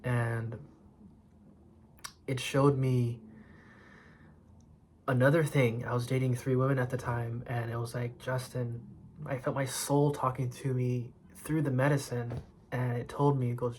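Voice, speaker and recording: A man in his thirties telling a personal story in a slow, reflective confessional way. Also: medium pitch, little pitch movement, a little mellow, a little hiss or hum. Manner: slow, reflective, drops to a whisper for quoted moments. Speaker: vlogger sharing a personal story.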